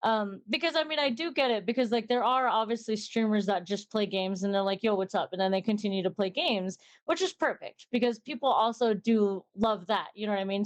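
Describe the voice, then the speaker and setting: A young woman streamer chatting casually in an interview, rambling and acting out little conversations in a lifted voice. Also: medium pitch.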